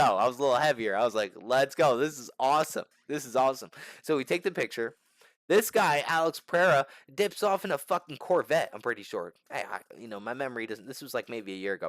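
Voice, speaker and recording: A man's voice: mid-range voice, a bit bright, dry recording. A young man telling a story to the camera in a casual, slangy and profane way, restarting his sentences often. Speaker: channel host.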